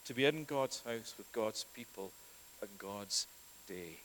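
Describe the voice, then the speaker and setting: A man preaching a sermon, telling scripture stories earnestly, rising loud and dropping to near whispers. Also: fairly low pitch, lively intonation, unhurried, a little hiss or hum, poor audio. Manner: earnest, storytelling with dramatic shifts in volume.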